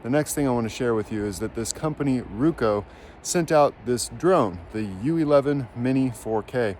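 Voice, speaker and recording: A middle-aged man hosting an outdoor vlog, talking in a relaxed, upbeat, chatty way. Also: medium pitch, moderate pace, slight background noise. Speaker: host of a foraging and hunting channel. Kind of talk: casual outdoor vlog narration.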